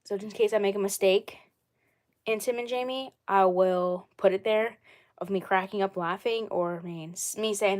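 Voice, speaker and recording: A woman's voice: medium pitch, steady tone, moderate pace, darkish tone. A woman hosting her own live stream in a casual chat, rambling and repeating herself often. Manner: rambling and repetitive. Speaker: channel host.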